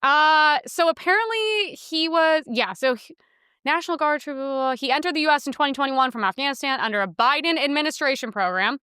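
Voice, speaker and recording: A woman's voice: high-pitched, expressive, fairly quick, bright, forceful tone, dry recording, studio quality. A young woman hosting a podcast, talking casually and sarcastically about the news, with frequent laughs. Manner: chatty, sarcastic, laughs often. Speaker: podcast host. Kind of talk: casual political commentary.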